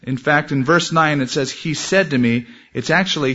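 A man's voice: mid-range voice, moderate pace, hardly any pauses, sharp tone, slightly rough. Earnest preacher man, lo-fi recording. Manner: earnest preaching with quoted prayers and scripture. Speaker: pastor. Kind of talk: sermon. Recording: dull lo-fi sermon recording.

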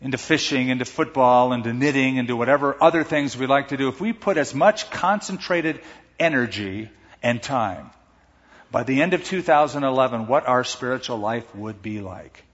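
This pastor's mid-range voice carries lively intonation at a moderate pace as he preaches. Loudness rises and falls dramatically, reaching forceful peaks of emphasis, while the hall's echo and a muffled, dull quality color the sound.

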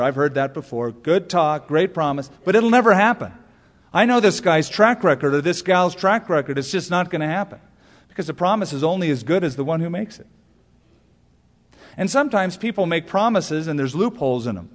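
A man's voice: a little high, big-room sound. A male pastor preaching a sermon, telling stories and asking rhetorical questions with emphatic punch lines.

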